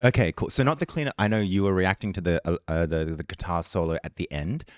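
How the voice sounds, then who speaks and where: A man's voice: deep voice, fast talker, no echo, studio quality. A man with an Australian accent co-hosting a casual music reaction chat, rambling through stories and laughing often. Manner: rambling, chatty storyteller who laughs often. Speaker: podcast co-host.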